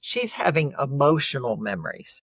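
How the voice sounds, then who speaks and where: A woman's voice: extremely low pitch, big pitch swings, normal speed, husky, no room sound, dull audio. A woman giving an earnest, emotional personal testimony as a guest in an interview. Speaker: podcast guest.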